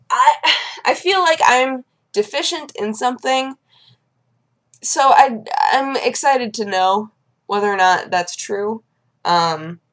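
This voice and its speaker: A young woman chats casually to her viewers in a vlog. She tells everyday stories in a loose, conversational way and now and then acts out the people she describes. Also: mid-range voice. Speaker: vlogger. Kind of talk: casual chat.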